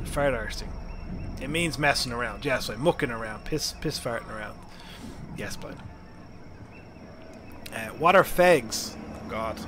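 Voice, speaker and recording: Chatty Irish man streaming a game. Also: mid-range voice. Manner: chatty, laughs often, thinks aloud. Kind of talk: casual live-stream chat. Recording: noisy background.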